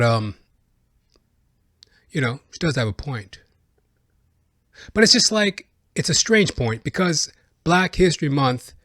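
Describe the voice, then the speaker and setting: A man's voice: medium pitch, a bit bright, no room sound. A man hosting a comedy podcast, reacting in a rambling, profane rant full of filler words, into a close microphone. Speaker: podcast host.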